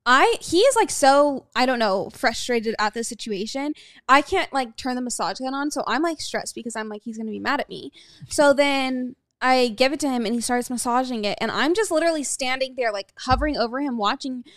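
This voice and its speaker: High-voiced woman telling a story. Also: brisk, dry recording, studio quality. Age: young adult. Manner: animated storytelling, acts out quotes. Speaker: podcast co-host. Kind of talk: casual chat.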